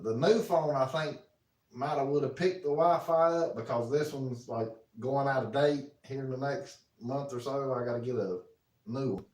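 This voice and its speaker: A man, casually chatting on a live stream from his home kitchen, reading out viewer comments in a folksy way. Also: medium pitch. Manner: folksy, reads viewer comments aloud, talks to his dog. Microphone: phone. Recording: roomy, from a distance.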